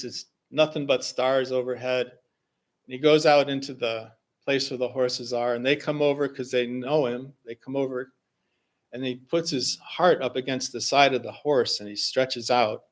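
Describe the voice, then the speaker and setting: A man leading a service, telling a personal story and introducing a song in a slow, gentle way with pauses. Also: mid-range voice, steady tone. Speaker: singer-songwriter leading a service. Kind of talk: spoken reflection and song introduction. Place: fellowship hall.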